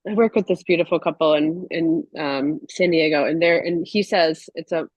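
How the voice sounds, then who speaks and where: A woman guest on a podcast, telling stories in an earnest, casual way with quick restarts. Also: deep voice, no room sound, lo-fi sound. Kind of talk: casual conversational podcast chat.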